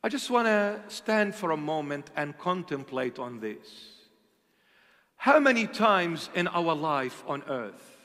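A man preaching a sermon as a bishop, impassioned and full of rhetorical questions, swinging between loud and hushed delivery. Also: fairly high pitch. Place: church. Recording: long church reverb.

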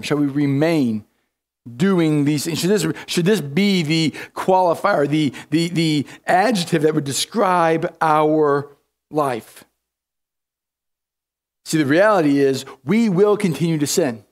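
High-voiced man preaching a sermon. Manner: emphatic, repeats words and restarts often. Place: church sanctuary.

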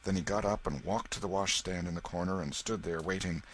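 A man narrating a classic novel audiobook in a measured storytelling manner. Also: deep voice, fairly even intonation, slight background noise, low-quality recording. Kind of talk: scripted narration.

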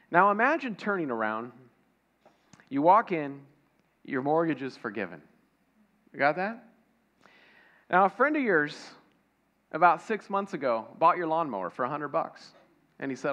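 A man's voice: a little high, sing-song, moderate pace, long pauses, fairly bright tone, highs cut off. A man preaching a conversational sermon, asking the congregation questions and acting out little dialogues. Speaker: pastor.

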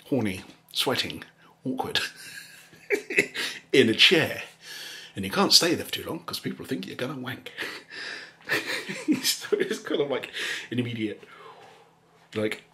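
A man telling a rambling story in a soft, casual way, laughing often and slipping into whispers. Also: mid-range voice. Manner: rambling and chuckling, drops into whispers. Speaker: ASMR channel host.

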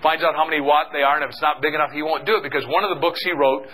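A middle-aged man giving an energetic motivational seminar talk, calling out questions for the audience to answer. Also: fairly high pitch, racing, rough recording. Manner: energetic, call-and-response with the audience. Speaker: seminar speaker.

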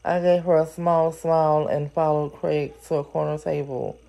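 A woman reading a novel aloud who breaks off now and then to react in animated, exclaiming asides. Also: low-pitched, normal speed, vocal fry. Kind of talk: story reading with chatty reactions.

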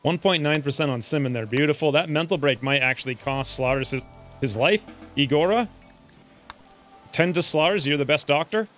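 High-voiced excitable man gaming with hiccups. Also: normal speed, faint music behind. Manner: excitable, jumps between calm muttering and high yelps. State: has the hiccups. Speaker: let's play gamer. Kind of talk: casual gameplay commentary.

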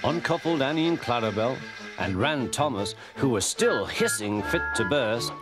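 A man from England with a Liverpool accent narrating a children's storybook in a lively manner, on old tape audio. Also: medium pitch, moderate pace, loud music behind the voice.

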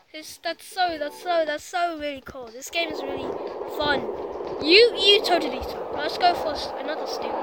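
A woman commenting on a physics game she is playing, excitable and teasing, trash-talking the crash dummy on screen. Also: sits high, heavy background noise. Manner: excitable, shouts and trash-talks the game character. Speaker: gameplay commentator. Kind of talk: excited let's-play commentary. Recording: loud game music behind.

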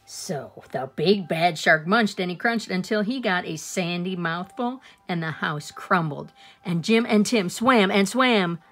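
A woman reading a children's picture book aloud, expressive, with small asides to her listeners. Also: on the low side, a little slow. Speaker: storyteller.

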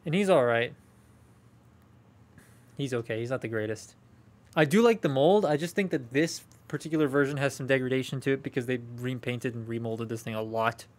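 A man's voice: mid-range voice, a little fast. Chatty man unboxing toys live. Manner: rambling and chatty, talking to live chat. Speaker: toy collector streaming a haul unboxing. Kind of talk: casual live unboxing chat.

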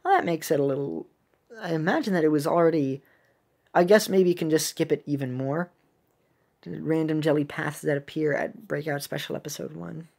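Low-voiced woman chatting over game text. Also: brisk, creaky, a little mellow. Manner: chatty, makes puns and corrects herself; laughs at her own jokes. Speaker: game video creator. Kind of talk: casual commentary reading game text.

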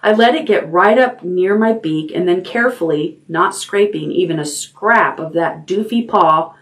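Woman, librarian, bedtime read-aloud, unhurried, low voice, distant mic. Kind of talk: reading a chapter book aloud.

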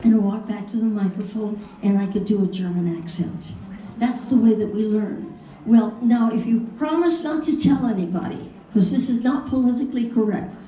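A woman's voice: a little high, normal speed, dark tone. Playful older woman telling stories in a hall. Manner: playful, theatrical, chatty. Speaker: voice actress at a fan convention panel. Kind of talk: anecdotal storytelling to an audience. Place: large convention hall. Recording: echoey hall, mic from far off, faint noise.

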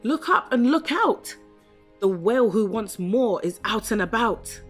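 A woman voicing a clever, kind young female crab in a storybook read-aloud, calling out loud warnings. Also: lowish voice, lively intonation, unhurried, vocal fry, soft background music, heavily acted. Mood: urgent shouting. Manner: shouts urgent warnings.

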